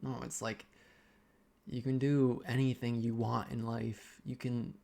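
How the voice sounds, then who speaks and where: A young man vlogging a casual personal rant, halting and rambling as he keeps restarting his sentences. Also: medium pitch, little pitch movement, gravelly, darkish tone.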